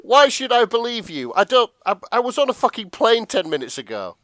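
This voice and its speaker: A panicked young hero from a video game, yelping in a high voice and tripping over his words, as a man puts him on for a podcast. He sounds dry and close to the mic. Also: sing-song, fairly quick, dry recording, full character voice. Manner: high-pitched, loud and flustered, stammering.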